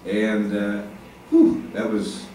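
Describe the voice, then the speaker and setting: An older man giving a speech to an audience, halting with many fillers and restarts, speaking with emphasis. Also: on the low side. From Ohio, United States. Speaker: state legislative leader giving a speech. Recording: echoey hall, mic far off, faint noise.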